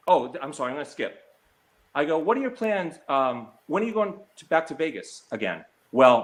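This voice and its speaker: Middle-aged male vlogger, fairly high voice, swinging pitch, heated indignant callout rant. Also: fairly bright tone. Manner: heated, indignant, reads text messages aloud. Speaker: slots vlogger. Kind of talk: angry personal callout rant.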